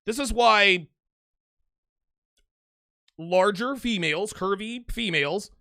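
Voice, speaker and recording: Brash man hosting a live call-in show, high, gravelly voice, bright tone. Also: expressive, fairly quick, dry recording, studio quality. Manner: brash, emphatic, repeats himself. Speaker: livestream host reading super chats and taking calls. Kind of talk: casual live show chat.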